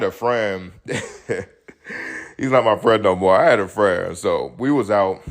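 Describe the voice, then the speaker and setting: A young man hosting a solo podcast, telling stories in a loose, profane, animated way and laughing often. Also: on the low side, slow pace, long pauses. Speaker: podcast host. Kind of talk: casual solo commentary.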